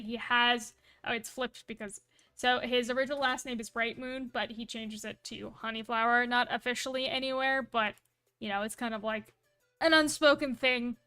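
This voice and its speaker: Woman streamer, high clean voice, playful rambling storyteller with asides. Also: pushed and bright, clear, resonant tone. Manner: rambling, full of asides and self-corrections; playful and quick to laugh at herself. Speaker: livestreamer. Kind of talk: casual storytelling on a live stream.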